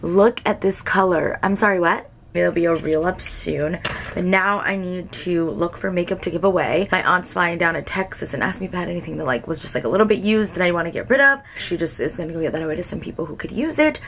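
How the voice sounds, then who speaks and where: Young woman, beauty vlogger, casual chat to camera, lowish voice, emotional, filler-heavy, faint room hum. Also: quick pace, vocal fry, fairly bright tone. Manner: chatty, emotional, many "like" fillers.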